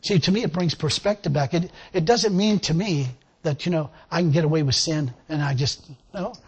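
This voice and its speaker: A man preaching a lively sermon to a responding congregation, laughing often and acting out the people he quotes. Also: fairly high pitch, moderate pace, slightly rough, dull audio. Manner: animated, laughing, acts out quotes. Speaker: pastor.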